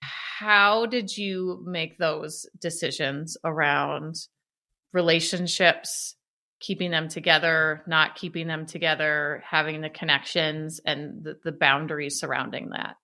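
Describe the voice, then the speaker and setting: A woman hosting a podcast interview, expressive and chatty, tossing in personal asides before her questions. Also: sits low, a little slow. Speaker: podcast host. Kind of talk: casual interview.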